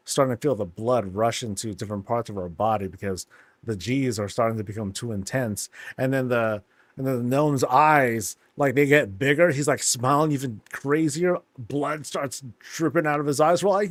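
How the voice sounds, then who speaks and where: A man's voice: medium pitch, normal speed, no room sound. A man casually commenting on a game, telling stories animatedly with slangy asides. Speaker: game streamer.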